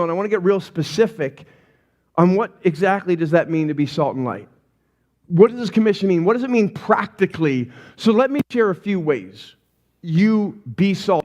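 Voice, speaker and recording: A middle-aged man preaching to his church with a light, fairly high voice. He tells stories with animated energy, slips into little acted-out voices and throws rhetorical questions at the congregation. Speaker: pastor. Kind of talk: sermon.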